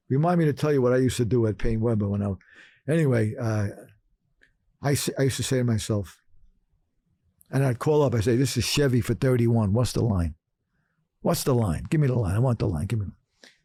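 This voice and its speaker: An older man from Brooklyn talks through his past as a podcast guest. His voice is dark and slightly husky, recorded close and dry. He keeps acting out his old self, jumping into higher voices. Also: dry recording. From Brooklyn, New York. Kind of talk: storytelling in conversation.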